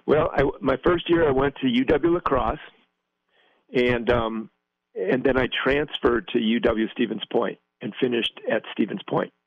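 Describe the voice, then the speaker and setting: A male guest on a tinny phone line, his voice gravelly with fry. He speaks earnestly but hesitantly, with plenty of fillers. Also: mid-range voice, measured pace, dry recording. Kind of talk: conversational interview.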